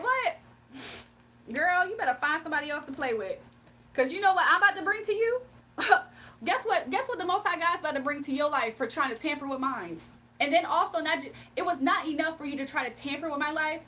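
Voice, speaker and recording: A woman's voice: high voice, expressive, brisk, pushed and bright. A woman hosting a casual livestream, sassy and exasperated as she answers chat comments. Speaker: livestream host reading chat.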